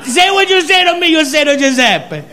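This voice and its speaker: A comedian putting on an exuberant Italian waiter, loud and sing-song, with a heavy Italian accent. The voice sits very high and swings widely in pitch. The sound is bright and edgy. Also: male voice, very animated, fairly quick, some chatter behind, full character voice. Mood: excited. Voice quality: exaggerated, booming, sing-song. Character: boisterous excited Italian waiter man.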